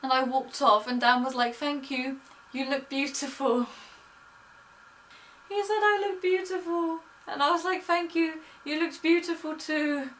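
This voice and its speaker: A young woman with a high, fairly bright voice tells a story a little slowly in a casual vlog, chatty and gushing, and quotes others in her own voice. Faint noise accompanies the distant mic.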